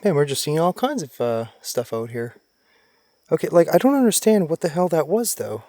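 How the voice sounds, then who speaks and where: A young man vlogging while camping alone in a forest at night, jumpy and nervous, swearing and calling out into the dark. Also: a little high, very animated, normal speed, no room sound, studio quality. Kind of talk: casual vlog commentary.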